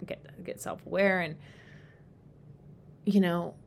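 A woman hosting a solo podcast, talking candidly and rambling, swearing freely and getting animated when she quotes herself. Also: slow, creaky. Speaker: podcast host. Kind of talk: casual solo podcast monologue. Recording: faint background rumble.

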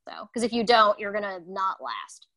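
A woman's voice: mid-range voice, very animated, normal speed, sharp tone, no echo, low-quality recording. A woman talking candidly and intensely in a casual conversation as co-host.

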